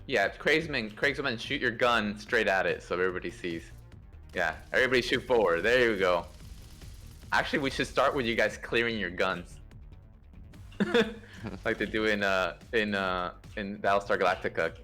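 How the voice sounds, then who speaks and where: A man's voice: fairly low pitch, moderate pace, soft background music. A man casually organizing a space game play-test, explaining maneuvers with fillers and restarts. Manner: instructive, relaxed, many fillers and restarts. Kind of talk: casual game coordination over voice chat.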